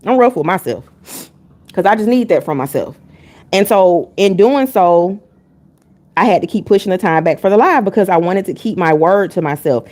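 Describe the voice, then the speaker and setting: A woman's voice: fairly low pitch, expressive, moderate pace, a little mellow. A woman reading tarot on a live stream, talking casually and bluntly. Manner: candid and blunt, chatting with chat between readings.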